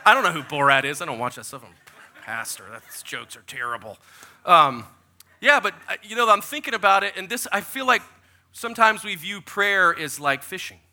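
A man in his forties, a pastor giving a sermon full of lively, joking personal stories. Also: high-pitched, moderate pace. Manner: animated, jokey storyteller who acts out quotes.

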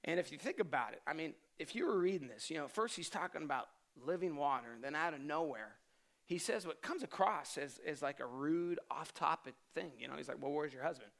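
A man in his thirties, a pastor telling a lively personal story in a sermon and laughing often as he goes. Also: a little high, a little fast, gravelly. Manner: animated storyteller, self-deprecating, laughs often.

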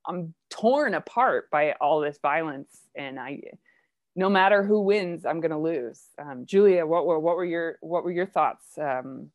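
A woman's voice: low voice, animated, no echo. Chatty woman leading a play discussion. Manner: chatty and enthusiastic, with quick asides. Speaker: discussion leader of a play reading. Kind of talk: casual literary discussion.

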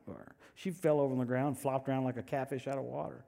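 An older man preaching a sermon, telling stories with animated voice swings between loud and soft. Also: a little high, very fast, vocal fry, hardly any pauses.

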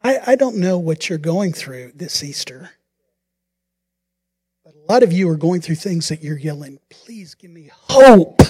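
A pastor preaching a sermon, telling the story in an animated way and acting out the quotes. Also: male voice, fairly high pitch, moderate pace, pauses often, slightly rough.

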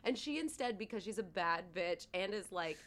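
A woman's voice: medium pitch, animated, normal speed, a bit bright. A woman in casual chat about a movie, jumping in with asides and laughing often.

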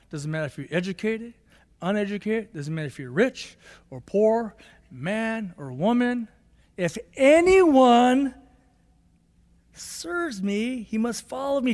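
A man preaching a sermon as pastor, emphatic and repetitive, rising to excited bursts. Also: high-pitched, in a large hall.

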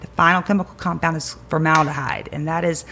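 A woman chiropractor talking with energy and emphasis, repeating her key words for stress. Her voice has a creaky, gravelly edge at a middle pitch. Faint noise sits under the recording. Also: steady tone, fast talker, pushed and bright. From Greenville County area, South Carolina. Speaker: chiropractor guest. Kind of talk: energetic advice-giving conversation.

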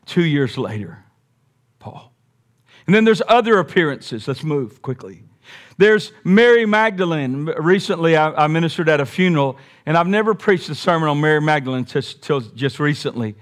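A man's voice: a little high, lively intonation, moderate pace. A man preaching a sermon in an emphatic, folksy way with joking asides.

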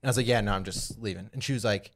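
Lower-voiced young man telling a rambling story. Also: very fast. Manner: rambling, animated retelling with lots of "like". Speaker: podcast co-host. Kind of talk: casual storytelling chat.

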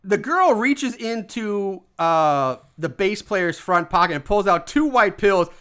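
A man with a high, bright voice chats his way through a movie recap. He laughs often and swears casually as he tells the plot like a story. It sounds like a relaxed podcast conversation. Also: slow pace, smooth. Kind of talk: casual chat.

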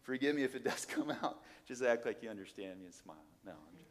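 Male preacher, middle-aged, animated, emphatic, rhetorical questions, mid-pitched voice. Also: fast, big-room sound. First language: Portuguese. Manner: animated, emphatic, swings from low asides to loud exclamations, rhetorical questions. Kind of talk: sermon.

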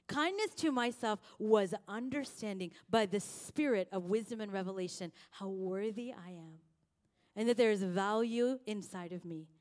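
Woman pastor, sermon, high voice, animated storytelling, hushed asides and loud peaks.

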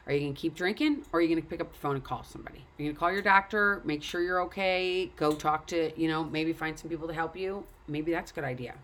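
Low-voiced woman giving an earnest pep talk. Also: quick pace, few pauses, fairly bright tone. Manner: earnest storytelling, addressing the listener directly. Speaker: speaker. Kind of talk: casual motivational talk.

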